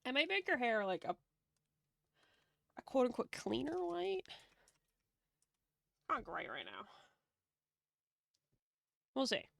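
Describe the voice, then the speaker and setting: A playful woman streamer chats casually as she draws and laughs often. Her voice sits a little high, with a gravelly fry running through it. The sound is dry and close, with no room around it. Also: very animated, a bit bright, dry recording. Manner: playful, laughs often, quick joking banter. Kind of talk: casual chat while drawing on stream.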